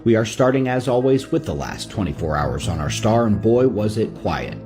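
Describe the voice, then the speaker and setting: Low-voiced man reading space-weather news. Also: big pitch swings, moderate pace, darkish tone. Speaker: science news host. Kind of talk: scripted news report. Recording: music bed behind.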